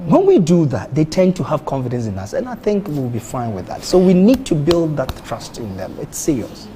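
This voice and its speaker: Lively storytelling man, reverby studio. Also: a little high, normal speed, a little hiss or hum. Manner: storytelling, acts out quoted dialogue. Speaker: guest speaker. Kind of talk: TV talk show discussion.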